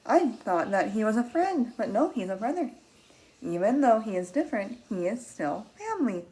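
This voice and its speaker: A woman teaching young children, reading a picture book aloud in an animated, expressive way, gasping and asking them questions. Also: mid-range voice. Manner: animated and expressive, with frequent gasps and drawn-out words.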